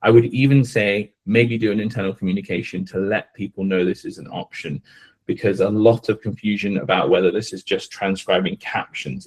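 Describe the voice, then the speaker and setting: A lower-pitched man with a slightly husky voice, presenting a live webinar over a video call. He sounds enthusiastic and throws in quick asides. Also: darkish tone.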